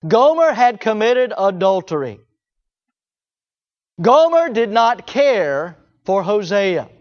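A man's voice: high-pitched, highs cut off. A man preaching a sermon, asking the congregation rhetorical questions and voicing imagined objectors.

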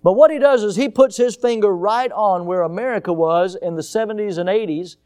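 A male pastor preaching a sermon with emphatic swings in loudness and pace, now and then putting on mocking high voices. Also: fairly quick, clean tone.

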